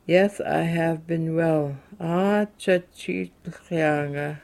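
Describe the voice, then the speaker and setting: A man slowly reading short everyday phrases in English, then saying each one in his native language for a language lesson. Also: a little high, steady tone, vocal fry, a little mellow.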